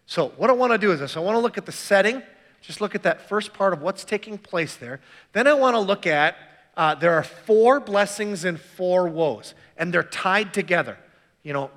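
High-voiced pastor preaching in a reverberant hall. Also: male voice, normal speed, a bit bright. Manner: reads scripture aloud, then explains casually with restarts and asides. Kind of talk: sermon.

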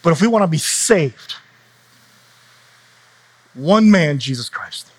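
A man's voice: on the high side, animated, slow pace. A middle-aged male pastor delivering a conversational sermon, often restarting phrases and using fillers.

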